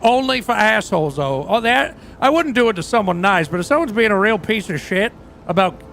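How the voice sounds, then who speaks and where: Man playing a rock frontman, high voice, profane, rambling, deadpan, game roleplay, faint music behind. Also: a little fast, vocal fry, full character voice. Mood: rambling, crude. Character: crude boastful male rock singer, unhinged storyteller. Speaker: roleplay character.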